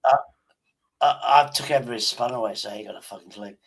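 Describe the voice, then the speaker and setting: A man's voice: mid-range voice, fast talker, poor audio. A man hosting a live stream and prompting an AI chatbot, talking casually, stumbling and repeating words, with casual swearing. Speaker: livestream host.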